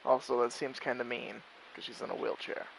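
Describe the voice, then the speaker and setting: Male let's-play host, gravelly, rambling and hesitant, reads dialogue aloud with jokes. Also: medium pitch, fairly even intonation, a little fast, slight background noise, poor audio. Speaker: gamer playing through the game. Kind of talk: casual let's-play commentary, reading lines aloud.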